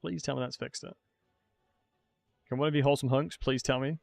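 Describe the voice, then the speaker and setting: In a steady, medium-pitched voice with vocal fry, a young streamer talks a little fast while playing a tournament match in a strategy game. His chat is casual and self-deprecating, and the recording is dry.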